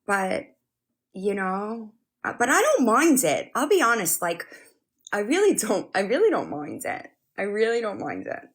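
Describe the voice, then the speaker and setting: Streaming live from her phone, a woman with a medium-pitched voice talks casually with viewers, speaking a little slowly. She's animated and profane, frequently laughing.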